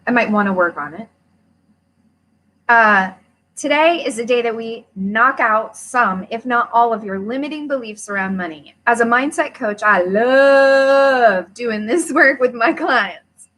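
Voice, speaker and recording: A woman hosting a casual livestream, chatting with viewers and reading a workbook aloud with lively emphasis, laughing and swearing freely. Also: on the high side, measured pace. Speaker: host of a money-mindset livestream.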